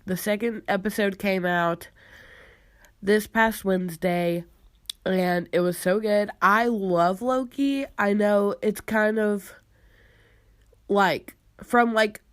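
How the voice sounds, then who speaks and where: A woman's voice: mid-range voice, dry recording, studio quality. A young adult woman hosting her own podcast, chatting casually and gushing, with lots of fillers and little laughs. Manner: gushing, filler-heavy, giggly. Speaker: podcast host. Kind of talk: casual chat.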